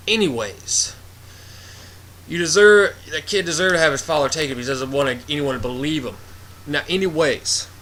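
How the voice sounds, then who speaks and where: A man talks through a movie review in loose, rambling fashion, retelling the plot with plenty of animation and blunt asides. His voice is bright and pushy. A faint hiss of noise sits behind him. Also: a little high. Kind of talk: casual spoiler review.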